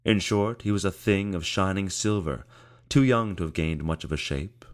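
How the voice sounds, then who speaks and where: Here a male narrator with a deep, very low voice reads an audiobook script at a steady, deliberate pace, drawing out important phrases as the narrative moves forward.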